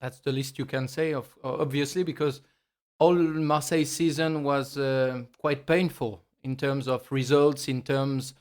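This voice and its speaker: A man from France, a native French speaker, speaking English with a French accent as a panelist on a football podcast. He talks in a measured way and sometimes searches for words. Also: mid-range voice, little pitch movement, clear, resonant tone. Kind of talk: casual football podcast chat.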